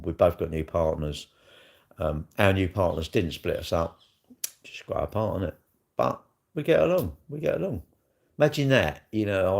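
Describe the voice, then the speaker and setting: A man's voice: deep voice, vocal fry, a little mellow. A middle-aged man, rambling bluntly and crudely in a casual livestream chat, tossing in tag questions as he answers comments. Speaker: livestream host.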